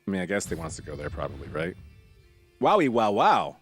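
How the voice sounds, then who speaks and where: A man with a rumbling low, slightly rough voice speaks rapid-fire as soft music plays behind him. He's playfully streaming a strategy game, reading out the tutorial, joking with his chat, and exclaiming excitedly at times.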